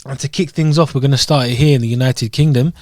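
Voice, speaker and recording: A man's voice: mid-range voice, fairly even intonation, fast, darkish tone. A man from Scotland co-hosting a podcast, chatting casually about food and then presenting boxing news. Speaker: podcast co-host. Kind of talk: casual chat.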